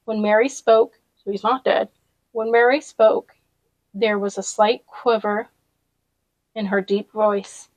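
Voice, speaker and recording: A woman reads a novel aloud at a middle pitch and drops in casual personal asides. The recording is close and dry, with no room sound. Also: fairly even intonation, slow, long pauses, darkish tone, dry recording, rough recording. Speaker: audiobook reader.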